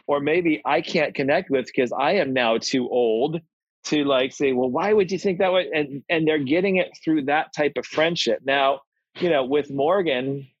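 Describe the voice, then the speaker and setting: A man's voice: fairly high pitch, measured pace, husky, no echo. A man co-hosting a casual parenting chat, telling stories in a wry way with many fillers. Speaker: podcast co-host, parent. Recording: dull dry recording.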